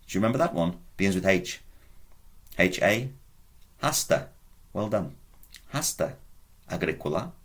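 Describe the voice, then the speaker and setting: A man's voice: low-pitched, big pitch swings, moderate pace, pauses often, a bit bright. A man teaching a Latin video lesson, patiently repeating words and quizzing the learner.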